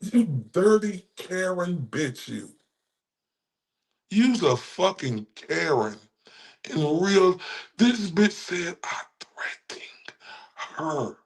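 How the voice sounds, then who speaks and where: A man's voice: sits high, sing-song, extremely slow, vocal fry, long pauses. A man with a Texan accent, a streamer ranting with heated, taunting, profane commentary at his viewers. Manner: heated, repetitive, taunting, addresses viewers as y'all. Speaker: streamer reacting to clips.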